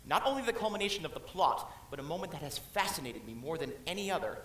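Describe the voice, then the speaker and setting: A man playing a middle-aged musical fan who confides in the audience with halting, musing asides on a theater stage. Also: a little high, big pitch swings, fairly bright tone, a little hiss or hum. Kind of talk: amateur stage musical acting. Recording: roomy stage recording.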